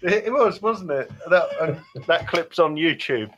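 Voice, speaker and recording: A man co-hosting a comedy podcast, telling dry deadpan stories. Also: on the high side, a little slow, breathy edge. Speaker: podcast co-host. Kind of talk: casual comedy chat. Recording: dull podcast audio.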